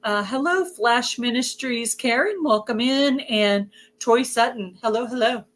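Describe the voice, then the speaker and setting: A woman with a Southern US accent hosting a casual livestream chat. Her voice is hoarse, and she chats away and greets viewers by name. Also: a little high, measured pace, fairly bright tone. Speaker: host of a livestream.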